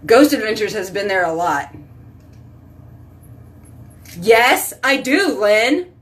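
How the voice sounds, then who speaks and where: A woman's voice: medium pitch, very animated, slow pace, far from the mic. Chatty sounding woman host. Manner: chatty, rambling, addresses viewers by name. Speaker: host reading live chat. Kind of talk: casual live-stream chat.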